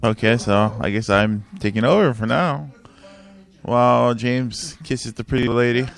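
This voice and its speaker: A man's voice: mid-range voice, measured pace, creaky. A man co-hosting a comedy podcast, dropping dry, teasing one-liners. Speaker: podcast co-host. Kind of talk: casual comedic banter.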